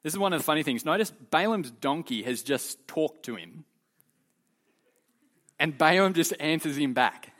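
A man leading a youth Bible lesson, telling the story in an animated, casual way full of slang. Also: on the high side, moderate pace, pauses often. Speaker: youth leader teaching.

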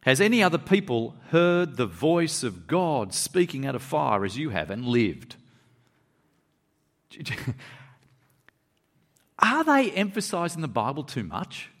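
A male pastor delivers a sermon, with a voice that swings widely in pitch as he drives his points home. He reads scripture passages aloud and drops into quick, low asides to check that his listeners are following. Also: long reverb tail. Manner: animated preaching, pitch rising and dropping for emphasis, quick asides.

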